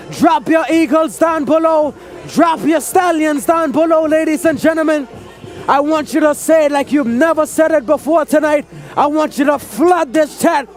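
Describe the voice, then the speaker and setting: A man from the Turks and Caicos Islands giving hyped live play-by-play commentary, often shouting and repeating "ladies and gentlemen" to the stream audience. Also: very high-pitched. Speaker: sports commentator. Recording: live stream with faint crowd and music behind.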